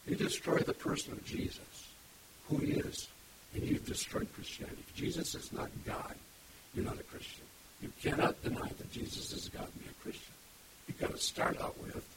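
A man preaching an expository sermon, reading scripture aloud and stopping to explain the words. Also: fairly high pitch. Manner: emphatic, reads scripture aloud and stops to explain. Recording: loud background hiss. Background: steady hiss.

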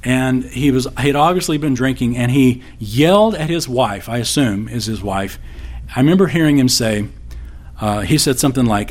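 A man's voice: medium pitch, expressive, normal speed. A man preaching a sermon as pastor, conversational and folksy, slipping in corny jokes.

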